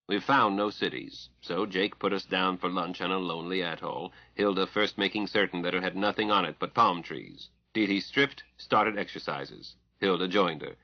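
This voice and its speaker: Man narrating audiobook, low voice, dull lo-fi sound, dry. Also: normal speed, creaky, few pauses, no room sound. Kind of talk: scripted narration.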